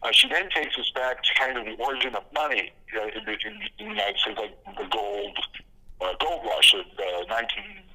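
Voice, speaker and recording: A man's voice: medium pitch, big pitch swings, fairly quick, vocal fry, bright, forceful tone, poor audio. A man guest on a podcast interview, telling his stories casually with many fillers and restarts, laughing at his own jokes. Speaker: podcast guest, comic creator.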